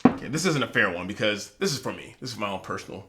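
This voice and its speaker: A man's voice: lowish voice, fast talker, heavy background noise. A man hosting a casual trivia game at home, reading questions and answer choices with a playful, jokey delivery. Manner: animated quizmaster with a lively, jokey delivery. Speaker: trivia host. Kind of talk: casual chat.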